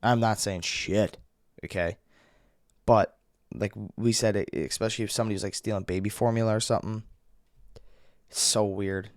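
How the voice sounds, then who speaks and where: A young man telling a story as a vlogger, profane and animated, acting out people yelling. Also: fairly low pitch, normal speed, pauses often, no echo, clean studio sound. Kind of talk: casual storytelling rant.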